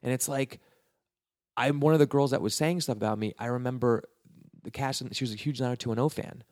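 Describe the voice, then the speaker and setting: A man's voice: medium pitch, a little fast, a little mellow, no room sound, studio quality. A man from New York telling a long personal story in a casual, rambling way, with many restarts and acted-out quotes. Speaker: guest telling his career story.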